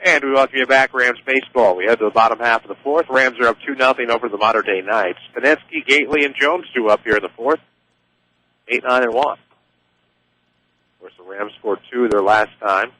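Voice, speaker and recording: A man calling play-by-play for a high school baseball game on local radio, easygoing and chatty. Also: normal speed, a little hiss or hum, poor audio. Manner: easygoing, chatty, excited on big plays. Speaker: play-by-play announcer.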